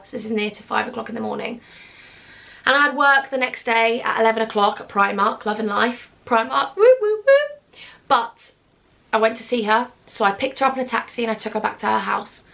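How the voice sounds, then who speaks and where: A woman's voice: a little high, steady tone, a little fast, vocal fry, bright, forceful tone. A young woman telling a personal story in a storytime vlog, emotional and rambling, with many "like"s. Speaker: vlogger.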